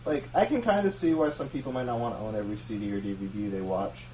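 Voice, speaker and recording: A man's voice: medium pitch, quick pace, darkish tone, far from the mic, slight background noise, poor audio. Blunt sweary man, off-mic. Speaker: podcast co-host. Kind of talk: casual chat.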